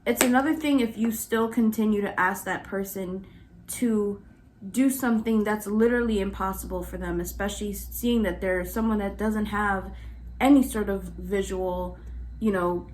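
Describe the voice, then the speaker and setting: A woman in her twenties telling a story to camera in a casual way, animated and exasperated, with lots of fillers. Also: mid-range voice, normal speed, a little hiss or hum. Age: 20s. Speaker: vlogger.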